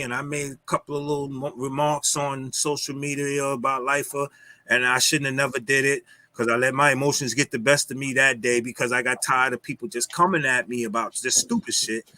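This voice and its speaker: A man's voice: mid-range voice, pushed and bright, no echo. A man talking casually on a livestream, telling stories in loose street slang, saying "yo" a lot. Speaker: guest. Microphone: streaming call mic.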